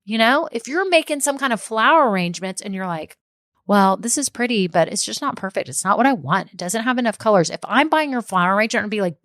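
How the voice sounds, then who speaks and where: A woman's voice: a little high, big pitch swings, quick pace, a bit bright, no echo, studio quality. A woman hosting a solo podcast as a small business coach, talking in a chatty, upbeat way and laughing often.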